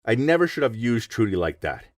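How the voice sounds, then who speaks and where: A young man narrating a first-person story in a reflective, expressive way. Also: medium pitch, brisk, no echo, clean studio sound.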